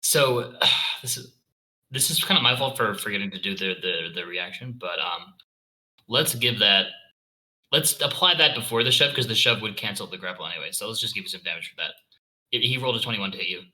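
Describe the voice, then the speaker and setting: A man's voice: fairly low pitch, lively intonation, fairly quick, bright, forceful tone, rough recording. A man running a tabletop game as dungeon master, making rulings and correcting himself with apologies.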